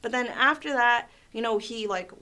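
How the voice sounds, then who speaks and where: Chatty woman with a higher voice. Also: moderate pace. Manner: animated, laughs often, fills with "like". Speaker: livestream host. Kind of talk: casual storytelling chat.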